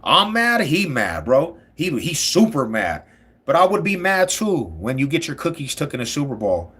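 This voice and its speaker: A man hosting a live stream, talking loud, boastful trash about sports rivals in slangy banter. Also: mid-range voice, big pitch swings, moderate pace, breathy edge.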